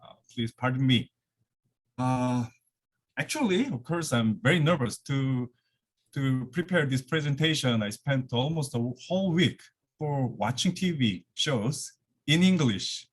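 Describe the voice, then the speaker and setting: A man's voice: medium pitch, animated, a little slow. A man gives an academic lecture over a video call from his office, slightly out of breath, with many fillers and restarts. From Korea. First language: Korean. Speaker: guest lecturer.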